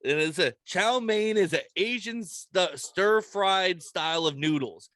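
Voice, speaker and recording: A man's voice: sits high, a little slow, hardly any pauses, a bit bright, dry recording, studio quality. A young man hosting a podcast, telling stories in casual chat, laughing often and swearing freely. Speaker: podcast host.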